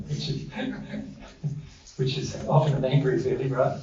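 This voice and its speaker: A man's voice: mid-range voice, fairly even intonation, slow pace, crowd noise. A man leading a group workshop, quizzing his listeners in a chatty way with self-deprecating asides. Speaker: workshop presenter. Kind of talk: interactive group teaching. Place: indoor room with a group. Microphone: distant room mic. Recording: roomy, distant, dull lo-fi audio.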